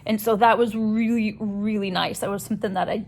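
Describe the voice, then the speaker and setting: A woman recording a candid personal video diary, talking hesitantly with many pauses and restarts as she gives a health update. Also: mid-range voice, fairly even intonation, a little mellow. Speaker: vlogger sharing a health update.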